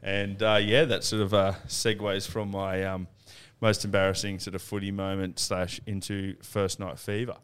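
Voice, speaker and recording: A man's voice: low-pitched, flat delivery, moderate pace, few pauses, a bit bright, smooth. A man with an Australian accent telling a laughing, swear-filled rugby tour story on a casual podcast. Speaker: podcast co-host.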